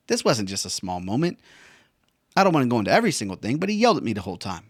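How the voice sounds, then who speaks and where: A veteran man tells a personal story in a loose, casual monologue. He talks in slang and curses freely, calling the listener bro and man. His mid-pitched voice sounds dry and close. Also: wildly swooping pitch, fast talker, long pauses, dry recording. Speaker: veteran vlogger.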